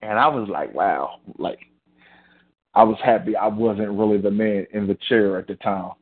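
A man performing a slow, sensual spoken-word poem as host, speaking deliberately. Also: lowish voice. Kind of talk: spoken-word poetry reading. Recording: tinny phone-line sound.

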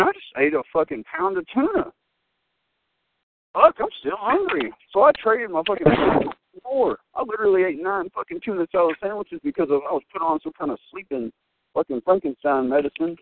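A young man, a guest, telling rambling, profane, excitable stories full of fillers. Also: on the high side, gravelly. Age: young adult. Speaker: wrestling guest. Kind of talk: rambling storytelling. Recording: dry, tinny phone-like line.

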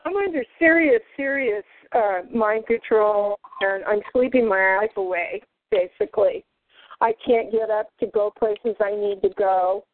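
A woman's voice: mid-range voice, unhurried, dry recording. A woman calling in to a talk show, speaking in a hesitant, apologetic, worried way. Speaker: caller. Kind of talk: phone call into a talk show. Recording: dry tinny phone line.

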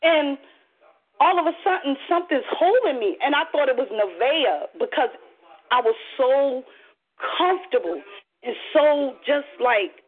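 A woman casually telling a story on a call, animated and profane, acting out the voices in it. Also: high voice, a little slow. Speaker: caller. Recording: muffled phone line.

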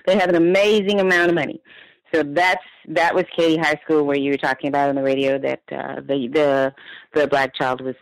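A caller on a call-in show, telling rambling, animated anecdotes over the phone. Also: medium pitch, dry recording, poor audio. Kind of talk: casual call-in storytelling.

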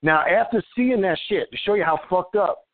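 A man hosting an interview, reacting loudly and prompting his guest to explain things for the listeners. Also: high voice, a little fast, no echo, phone-quality sound. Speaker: host. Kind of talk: casual interview.

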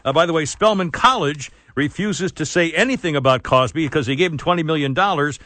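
A man hosting a talk radio show, telling rambling anecdotes with frequent laughter and mock outrage, clearing his throat now and then. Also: on the high side, fairly quick, bright, forceful tone, no room sound. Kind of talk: casual talk radio banter. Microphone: studio broadcast mic.

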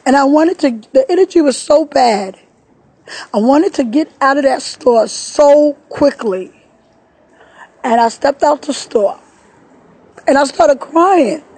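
A woman vlogging outdoors in a park, upset and tearful, talking haltingly and repeating words as she recounts a bad experience. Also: high voice, expressive, warm tone, dry recording, poor audio. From New York. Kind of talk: emotional personal vlog.

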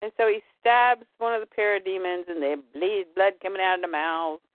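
A woman's voice: medium pitch, steady tone, normal speed, no room sound. A woman host casually recapping a comic book, reading lines aloud with wry asides. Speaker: podcast host. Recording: phone-like dry line.

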